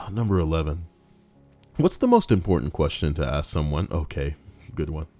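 A man's voice: extremely low pitch, very animated, normal speed, warm tone, no room sound, soft background music. A young man casually reading out forum posts, rambling and sarcastic, with frequent swearing. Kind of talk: casual reaction commentary.

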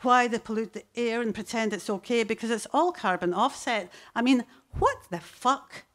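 A woman, a poet reading her poems and chatting between them on stage before a live audience, slow and deliberate with sudden fierce bursts. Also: on the high side.

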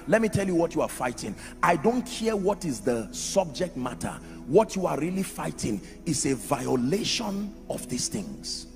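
A man's voice: sits high, creaky. A man preaching a sermon in an emphatic style, asking the crowd rhetorical questions. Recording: echoey hall with music under.

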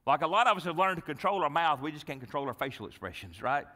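A male pastor preaching a sermon, telling a Bible story with dramatic swings from loud, lively delivery to hushed, pleading tones. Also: on the high side, fast, in a large hall. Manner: dramatic storytelling, acting out Bible dialogue, dropping to hushed pleas. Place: church sanctuary.

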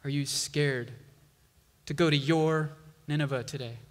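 A male pastor preaching a sermon, slow and emphatic, building intensity on key lines. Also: fairly high pitch, fairly even intonation, long reverb tail.

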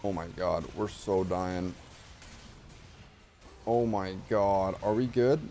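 A young man streaming live gameplay commentary, excitable, swinging from low mutters to shouts. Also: slow pace, soft background music.

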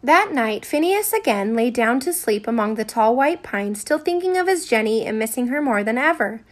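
Woman storyteller, storybook read-aloud, high voice, lively pitch. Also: moderate pace.

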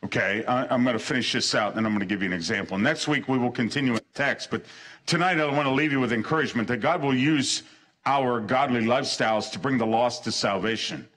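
A man's voice: mid-range voice, fast, a bit bright. A man preaching a sermon as pastor, earnest, repeating short phrases for emphasis and restarting his sentences. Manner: stumbles and restarts mid-sentence.

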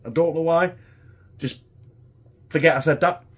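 A man's voice: fairly high pitch, a little slow. A man, hosting a casual home cooking video in a chatty, rambling, self-deprecating way.

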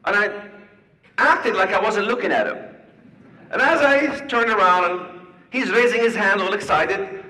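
A man giving a talk, telling a story and acting out both sides of a conversation with animated delivery. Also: high voice, moderate pace. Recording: distant mic in a reverberant hall.

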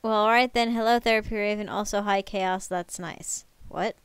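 A woman hosting a live stream, chatting casually and telling stories in an animated way. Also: mid-range voice, moderate pace, smooth, no room sound. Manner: animated, chatty storytelling with laughs. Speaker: streamer host.

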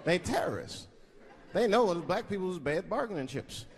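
Male stand-up comic, fairly high voice, live hall with audience and background noise. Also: big pitch swings, moderate pace. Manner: loose storytelling, drops into voices. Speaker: stand-up comedian. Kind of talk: stand-up comedy set. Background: audience laughter.

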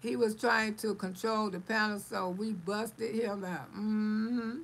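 A woman's voice: mid-range voice, fairly even intonation, takes it slowly, fairly bright tone, poor audio. A middle-aged woman hosting a live stream, chatting casually, reading viewer comments aloud, blunt and salty, laughing often.

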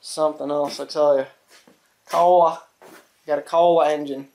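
Working on a mower in his garage, a New England man whose voice sits a bit above typical male pitch chats casually for his small engine repair vlog. His delivery is level, mellow and fairly quick, full of filler words and a stray swear or two. The camera mic drifts nearer and farther as he moves around.

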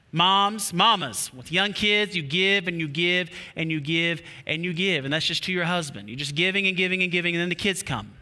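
High bright-voiced guy preaching, lots of repeating and jokes, big echoey church hall. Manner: animated, repetitive preaching with playful asides. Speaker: pastor. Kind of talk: sermon. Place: church auditorium. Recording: long hall reverb.

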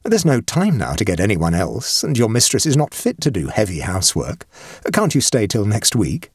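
A man voicing a skeptical young gentleman painter, brisk and questioning. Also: lowish voice, huge pitch swings, slightly rough, no room sound, studio quality, heavily acted. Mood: impatient.

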